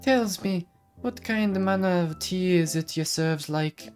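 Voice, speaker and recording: A woman's voice: on the low side, a little slow, a little mellow, soft background music, voice pushed up, lightly acted. A woman voicing a mysterious wandering magic woman with a put-on Irish-type lilt and garbled, old-timey phrasing.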